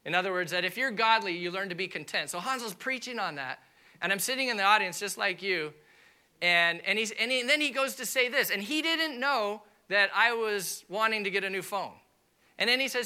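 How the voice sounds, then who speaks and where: A man preaching a sermon to a church congregation, telling a funny personal story with lively asides and impressions. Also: high-pitched, fairly quick, clean tone. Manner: animated storytelling with comic impressions and audience asides. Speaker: pastor. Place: church auditorium.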